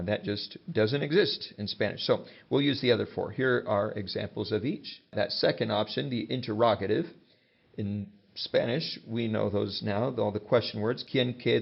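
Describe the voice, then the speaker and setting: A man's voice: lowish voice, vocal fry. A man teaching a grammar lesson, explaining patiently and working through example sentences. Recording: dull lo-fi sound.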